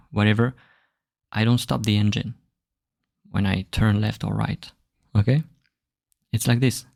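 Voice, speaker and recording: A man with a French accent hosting a podcast lesson, explaining in an unhurried way and drawing out spelled letters. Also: on the low side, creaky, dry recording, studio quality. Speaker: French teacher, podcast host.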